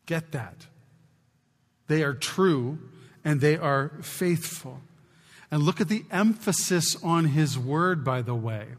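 A man preaching a sermon as pastor, exhorting his church and swinging from loud to hushed. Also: a little high. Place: church sanctuary. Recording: long church reverb.

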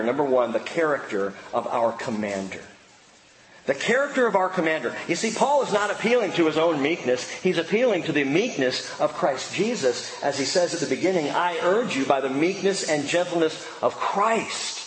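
A man preaching a sermon as pastor, emphatic and shifting to quiet intensity. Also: on the high side. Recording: echoey hall with long reverb.

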